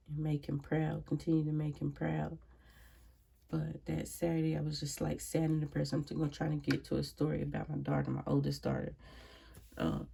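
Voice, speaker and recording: A grieving woman speaks from her home in a casual personal monologue, her voice deeply gravelly and husky. She sounds reflective and worn out. She often sighs and calls out prayerful exclamations between thoughts. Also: dark tone. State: grieving, emotionally drained. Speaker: vlogger. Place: at home, indoors.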